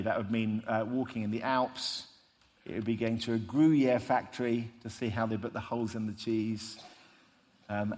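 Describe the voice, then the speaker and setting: A man preaching a sermon, telling stories in an emphatic, conversational way. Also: medium pitch. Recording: long reverb of a large hall.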